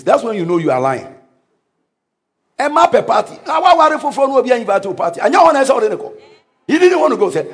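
A male pastor delivers a lively sermon in a high, bright voice that leaps up and down. He bursts into sudden shouts and chuckles at his own anecdotes. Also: fairly quick, pauses often. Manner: animated preaching, sudden shouts, laughs at own stories. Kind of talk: energetic sermon.

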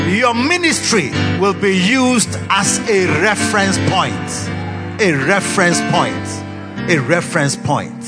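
A man preaching a sermon to a pastors' conference, breaking into shouts and sung phrases. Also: high-pitched. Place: conference hall. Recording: long hall reverb, faint music.

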